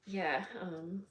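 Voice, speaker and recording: A woman's voice: on the low side, a bit bright. A woman talks casually to her viewers while she works on a craft project. She rambles and restarts her sentences often, fills gaps with "um" and "like", and keeps a friendly, chatty tone. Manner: friendly, greets viewers by name. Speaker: craft channel host.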